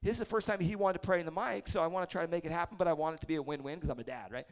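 Man in his 40s, gravelly lead pastor type, slightly high voice, chatty story-driven sermon with self-deprecating humor. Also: rapid-fire. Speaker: prayer leader preaching. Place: church service before a congregation.

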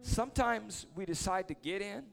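A man preaching in a relaxed, animated way, his voice sitting a little higher than most men's. He moves from a lively story into fervent prayer, with faint music playing underneath. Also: normal speed, creaky.

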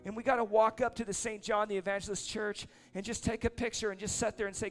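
A man preaching casually, telling a lively story and then praying over people in a church or meeting hall. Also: high voice, quick pace, few pauses, soft background music. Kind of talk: sermon with story and prayer.

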